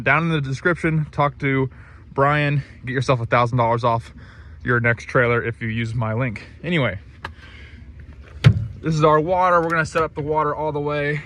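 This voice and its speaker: A man's voice: mid-range voice, a bit bright. A man talking casually through a work-day vlog outdoors, rambling with plenty of ums. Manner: laid-back, rambling, lots of ums. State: a bit out of breath. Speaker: pressure washing business owner. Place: outdoors at a rural job site.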